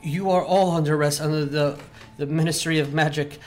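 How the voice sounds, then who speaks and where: A man plays a jittery young wizard officer in a tabletop game who trembles as he announces an arrest. He sounds stiff and formal, with his pitch climbing under the strain. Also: steady tone, brisk, darkish tone, faint music behind, close to an everyday voice. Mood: nervous.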